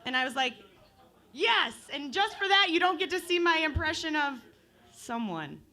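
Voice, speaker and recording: A woman's voice: sits high, sing-song, moderate pace, bright, forceful tone. A woman in her twenties from Michigan doing open mic stand-up comedy, chatty and profane, playing with the crowd on a bar stage. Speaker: stand-up comic.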